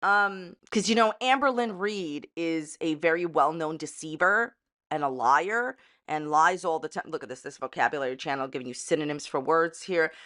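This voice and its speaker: A woman's voice: low voice, moderate pace, fairly bright tone. A woman ranting in a sarcastic, catty YouTube commentary, mocking with a repeated running joke. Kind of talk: casual commentary rant.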